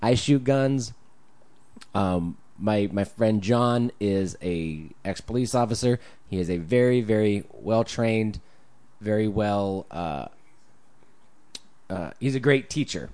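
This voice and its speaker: A man co-hosting a casual podcast chat, an animated storyteller who swears freely. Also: lowish voice, slow pace. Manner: animated storyteller, swears freely, jumps into loud put-on voices. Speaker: podcast co-host.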